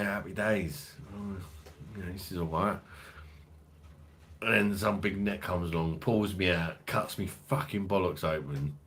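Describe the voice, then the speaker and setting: A man's voice: low-pitched, a little hiss or hum. A man with a London accent, hosting a casual livestream, joking crudely, swearing freely and rambling as he reads viewer comments. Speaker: host of a beer review livestream.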